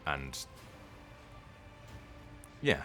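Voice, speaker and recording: A voice actor chatting casually on a live stream, rambling and hesitant with lots of ums and restarts. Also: male voice, drawn-out words, pushed and bright, faint music behind.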